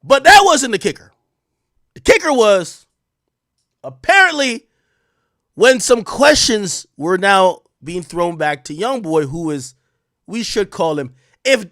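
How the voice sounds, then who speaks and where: A young man hosts a sarcastic commentary rant. His voice sits high and bright and leaps all over the place, from loud mocking outbursts to low asides. The sound is dry and close, with no room echo. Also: big pitch swings, slow pace, long pauses. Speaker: commentary show host.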